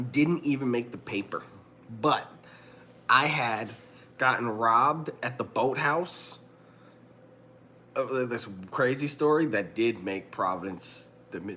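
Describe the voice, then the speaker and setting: A young man spins a story on a livestream, loose and lively, and breaks into laughter often. His voice sits at an ordinary middle pitch. Faint noise hums in the background. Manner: animated, laughing often, acts out quoted lines. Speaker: livestream host. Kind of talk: casual storytelling chat.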